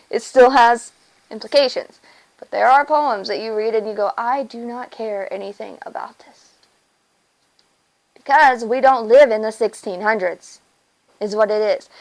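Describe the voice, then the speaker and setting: Woman host, somewhat high pitch, chatty and teacherly, casual talk. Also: low-quality recording. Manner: chatty, teacherly, asks "all right?". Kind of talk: casual talk about poetry.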